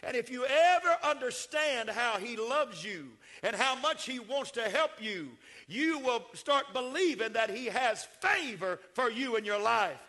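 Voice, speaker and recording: Older pastor preaching, high bright voice, shouts it up then goes soft telling stories. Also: male voice, very animated, unhurried, few pauses. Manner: preaching with rising, shouted builds and soft, folksy storytelling. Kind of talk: sermon.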